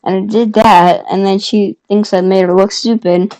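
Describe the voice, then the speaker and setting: A woman's voice: medium pitch, fairly even intonation, normal speed, dark tone, poor audio. A woman vlogger telling a personal story in a casual, rambling way, often correcting herself.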